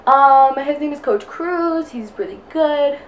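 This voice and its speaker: A woman's voice: high voice, slow pace, a little hiss or hum. A young woman vlogging in casual chat while getting ready, out of breath and rambling with constant fillers. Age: young adult. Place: indoors at home, getting ready.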